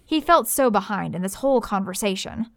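A woman narrating a fantasy story in a lively, expressive reading. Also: medium pitch, a little fast, vocal fry, dry recording, studio quality.

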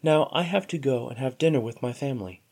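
A man voicing a soft-spoken young noblewoman. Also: mid-range voice, fast, creaky. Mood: gentle. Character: gentle young noblewoman, kind but firm.

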